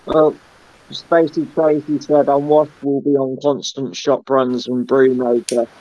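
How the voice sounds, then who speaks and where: A man's voice: medium pitch, level tone, a little slow, dark tone, muffled recording. A man in casual chat, reading comments and joking in laid-back banter.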